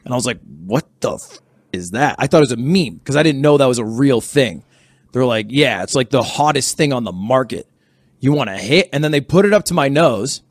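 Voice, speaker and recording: A man's voice: mid-range voice, expressive, a little fast, dry recording. A young man telling a story in a casual podcast chat, rambling and sheepish, with many fillers and restarts. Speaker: podcast guest.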